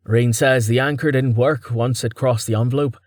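A man's voice: medium pitch, fairly even intonation, normal speed, a little mellow, no echo, studio quality, natural voice. A man voicing a level-headed companion who relays a message plainly. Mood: matter-of-fact.

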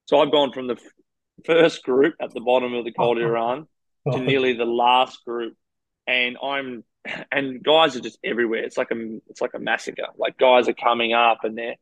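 A man's voice: mid-range voice, fairly bright tone, dry recording, poor audio. An Australian man, a professional cyclist, frankly recounting race stories in a rambling, casual interview. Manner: rambling, frank anecdotes with quoted dialogue.

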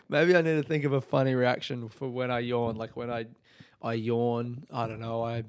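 A man's voice: mid-range voice, flat delivery, moderate pace, smooth. A man hosting a solo podcast, talking loosely and rambling, swearing freely and yawning now and then. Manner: yawns often mid-talk. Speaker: podcast host. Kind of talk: solo casual podcast monologue.

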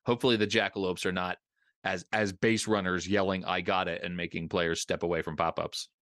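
A man's voice: low-pitched, level tone, fairly quick, fairly bright tone, no room sound, clean studio sound. A man hosting a casual podcast interview, joking around and often repeating words as he talks. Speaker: podcast host.

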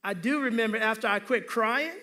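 A man's voice: high voice, a little fast, pushed and bright. A male pastor preaching a sermon, telling humorous stories and calling for responses from the congregation.

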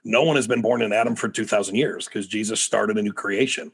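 A man's voice: fairly low pitch, fairly even intonation, fairly quick, vocal fry, husky. A middle-aged American man, a preacher and guest, telling stories animatedly in a podcast interview with frequent restarts. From United States.

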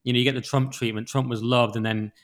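A man hosting a casual political podcast, brisk and opinionated in his delivery. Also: mid-range voice, level tone. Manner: brisk, opinionated, quick-fire. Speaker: podcast host.

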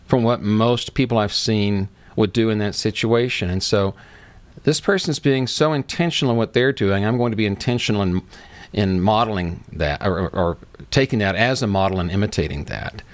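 A man's voice: on the low side, expressive, moderate pace. A man hosting a podcast interview, echoing and affirming his guest's points with some fillers. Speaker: podcast host.

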